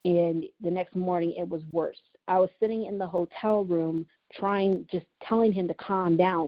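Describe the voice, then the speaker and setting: Speaking with few pauses at a moderate pace, this woman, a podcast host and writer, tells a painful story from her own life. Her lowish voice stays fairly even as she earnestly and emotionally repeats points for emphasis, and the recording is dull and lo-fi.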